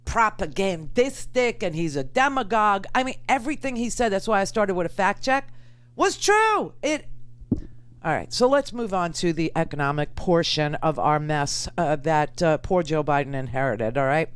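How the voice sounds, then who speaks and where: A woman's voice: lowish voice, expressive, moderate pace, smooth. A woman hosting political talk radio, sarcastic and combative, laughing at her opponents. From United States. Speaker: radio talk show host.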